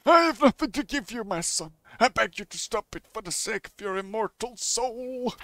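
Man voicing a scared frontier preacher for a western game, high and slow, begging. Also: animated, bright, forceful tone, exaggerated voice. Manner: slow, high, pleading delivery. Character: frightened old-west male pastor, pleading.

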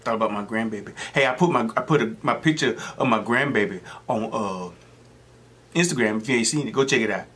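A man's voice: medium pitch, a little fast, fairly bright tone. Rambling middle-aged man eating on camera. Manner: rambling, joking storyteller. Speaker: mukbang host. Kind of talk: casual chat while eating.

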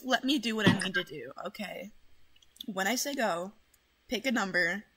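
A woman hosting a casual game stream, loud and excitable, swearing often and bossing her chat around. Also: medium pitch, normal speed, breathy edge. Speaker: streamer host.

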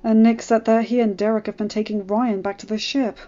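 A man's voice: high voice, level tone, brisk, warm tone, close to an everyday voice. A wry, joking teenage gang boy, played by a woman reading aloud talks in a raised, emphatic voice. The sound is muffled and lo-fi.

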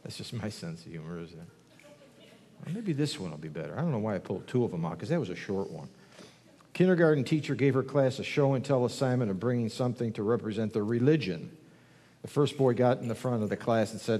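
A man's voice: medium pitch, animated, quick pace, dark tone. Male guest preacher, folksy and joking, builds to fervent calls; church with long reverb. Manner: folksy, joking, then rising in fervor. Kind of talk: sermon with jokes. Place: church sanctuary.

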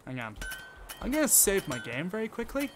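A man's voice: sits high, huge pitch swings, a little fast, background noise. A man, chatting and swearing casually as he thinks aloud while playing a game on stream. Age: 20s. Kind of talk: casual gameplay commentary.

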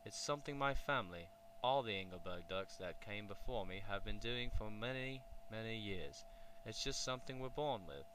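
A man's voice: on the low side, animated, normal speed, hardly any pauses, background noise, lightly acted. A man voicing a cheerful magical duck from London with a put-on British accent, in a storybook reading. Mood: jolly.

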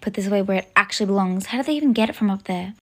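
A woman's voice: mid-range voice, very fast, a bit bright, close to an everyday voice. A woman voicing a bratty teenage older sister in a toy-game role-play. The sister sounds sulky and sarcastic. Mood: scheming. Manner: sulky, sarcastic and eye-rolling.

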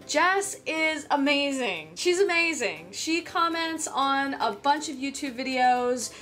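An American woman hosts her own fitness vlog, chatting casually in an upbeat, gushing way with small restarts. Her voice is on the high side and a bit bright.

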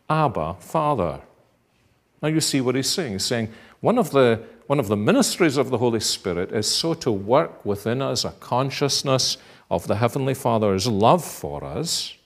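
A man preaching a sermon, deliberate and emphatic, at times acting out dramatic cries. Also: on the low side.

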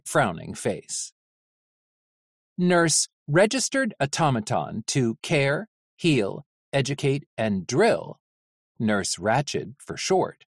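An audiobook narrator reading a novel in expressive, lively storytelling, close to the mic. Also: medium pitch, no room sound.

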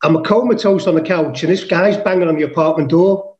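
A high-voiced man from England tells a wild story as a podcast guest. He swears freely and puts on the voices of the people in it. The sound is dull and echoey, as if from a room far off the mic. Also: a little fast, darkish tone, slight background noise. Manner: swears casually, acts out his own quotes. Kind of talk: animated storytelling.

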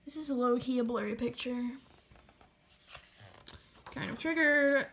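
A woman's voice: sits high, very slow, pauses often. A young woman gushing through an unboxing vlog, often dropping to a whisper. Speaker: vlogger.

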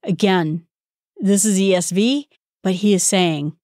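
A woman's voice: medium pitch, a little slow, a little mellow, dry recording, studio quality. A woman giving an informal Bible study, explaining the passage conversationally with casual asides. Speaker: Bible teacher.

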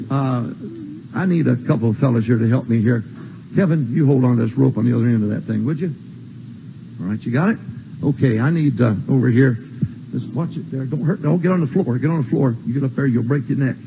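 A man's voice: sits high, a little mellow, slightly rough, low-quality recording. An older man preaching a sermon, folksy and emphatic, repeating his points. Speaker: pastor. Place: church sanctuary.

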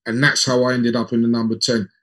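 A man in his fifties, a former footballer, telling lively anecdotes as an interview guest and acting out the dialogue. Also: medium pitch, quick pace. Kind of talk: conversational storytelling in an interview.

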